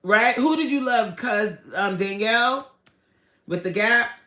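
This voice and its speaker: Chatty animated woman in an echoey room. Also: unhurried. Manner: animated, chatty, slangy, swings up high for emphasis. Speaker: fitness coach and channel host. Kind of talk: casual livestream chat with viewers.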